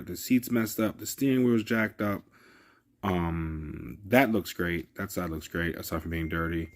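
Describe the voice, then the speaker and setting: A man who deals cars, talking casually and emphatically to his viewers, often addressing them directly. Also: lowish voice. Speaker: car dealer vlogger. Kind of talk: casual talk to camera.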